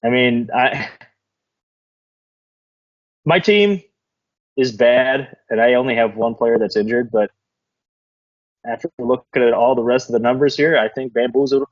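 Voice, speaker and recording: A man's voice: mid-range voice, unhurried, pauses often. Laid-back man co-hosting, lo-fi sound. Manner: laid-back, rambling, laughs often. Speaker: co-host of a fantasy football recap. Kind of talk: casual chat. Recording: dull lo-fi recording.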